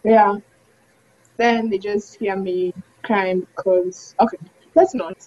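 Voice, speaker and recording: A woman hosting a casual podcast chat, animated and playfully teasing her guests. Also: mid-range voice, slow pace. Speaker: podcast host. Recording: muffled lo-fi audio.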